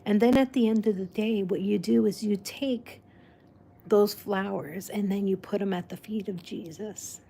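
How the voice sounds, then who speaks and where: A woman whose first language is Spanish, chatting casually and rambling warmly with frequent restarts and laughs. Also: medium pitch, fairly even intonation, moderate pace, gravelly, slightly rough. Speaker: vlog host. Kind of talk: casual chat.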